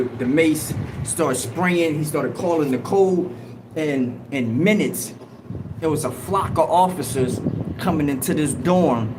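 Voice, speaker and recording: A man telling a prison story on a livestream, emphatic and animated, with a lot of swearing. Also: a little high. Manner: animated, emphatic street talk with profanity. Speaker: host. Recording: noisy background ambience.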